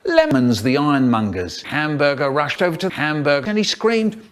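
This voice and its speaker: A man telling comic stories in a playful, animated way, full of sudden vocal swings. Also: a little high, normal speed. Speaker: storyteller. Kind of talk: spliced comic storytelling clips.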